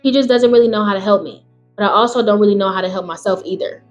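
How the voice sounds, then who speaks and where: A woman host reading online stories aloud in a quieter voice, then breaking into loud, exclamatory rants full of swearing. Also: mid-range voice, fast, muffled recording, soft background music. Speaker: channel host.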